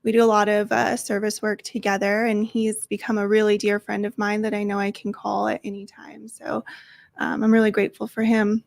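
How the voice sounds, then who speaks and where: A woman's voice: mid-range voice, completely flat delivery, creaky, no room sound. A woman from Colorado telling her recovery story as a guest. She sounds like a Valley girl and talks openly, close to tears. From Colorado, USA. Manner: open and emotional, quick to tear up. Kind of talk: sharing a personal recovery story. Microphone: close studio microphone.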